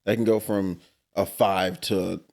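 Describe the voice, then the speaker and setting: A man hosting a casual podcast, animated and swearing, with short reactions. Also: low voice, unhurried, vocal fry. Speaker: podcast host.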